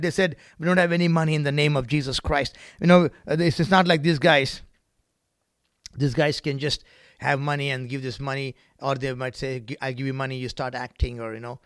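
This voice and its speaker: A middle-aged man from India preaching a sermon as a guest pastor, moving from quiet reflection to loud, emphatic bursts with rhythmic repetition. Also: mid-range voice, brisk, vocal fry, dry recording, clean studio sound. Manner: repetitive, rhythmic preaching with frequent "right?" and "amen?".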